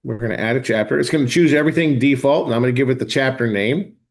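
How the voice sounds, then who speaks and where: A man hosting a live online class, talking viewers through software step by step in a casual, chatty way. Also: medium pitch, quick pace. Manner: casual, talks to viewers directly, thinks aloud while clicking. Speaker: host of a software training session. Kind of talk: live screen-share walkthrough.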